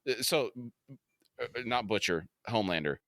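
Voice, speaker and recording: A man's voice: fairly low pitch, expressive, moderate pace, pushed and bright, dry recording. A man co-hosting a podcast, recapping a TV episode scene by scene in casual chat and laughing easily. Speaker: podcast co-host.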